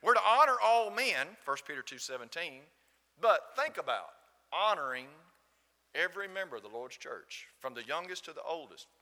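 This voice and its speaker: A man's voice: a little high, big pitch swings, normal speed, pushed and bright. A man with a Southern accent from Alabama, preaching a sermon and telling a story, asking the congregation questions. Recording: long hall reverb.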